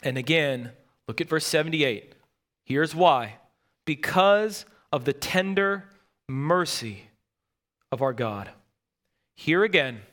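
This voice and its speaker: A man's voice: medium pitch, fairly bright tone. A male pastor preaching a sermon, emphatic and repeating words for stress.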